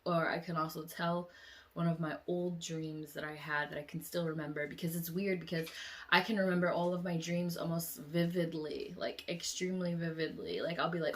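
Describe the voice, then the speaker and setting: A woman vlogger casually retelling a dream, animated, often acting out lines in squealing high voices or dropping to whispers, with many "like" fillers. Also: moderate pace. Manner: drops into quiet whispers; frequent "like" fillers. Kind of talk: casual dream storytelling vlog.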